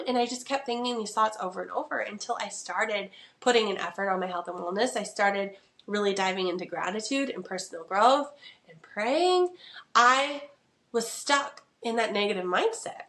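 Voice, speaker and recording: A woman's voice: medium pitch, moderate pace, fairly bright tone. A young adult woman hosting a podcast, talking earnestly and casually about faith and mindset, with lots of "like" and "right.". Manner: chatty, earnest, full of "like" and "right". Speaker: podcast host. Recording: echoey room.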